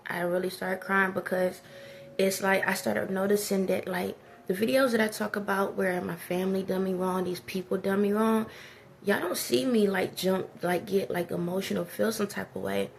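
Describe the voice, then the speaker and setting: A woman's voice: mid-range voice, steady tone, normal speed, gravelly, a little hiss or hum. A woman talking casually in a personal vlog, rambling and preachy. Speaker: vlogger.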